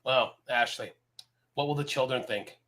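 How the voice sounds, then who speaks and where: A Canadian man co-hosting a podcast in casual chat, rambling and animated, laughing often. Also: medium pitch, normal speed. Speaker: podcast co-host.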